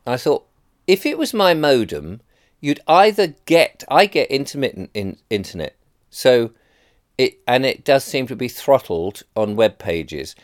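A man's voice: medium pitch, sing-song, measured pace. A man, rambling and sarcastic in a casual rant to camera.

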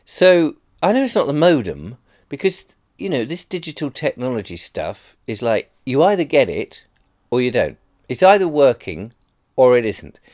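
A man's voice: mid-range voice, sing-song, normal speed, darkish tone. A man, rambling and sarcastic in a casual rant to camera.

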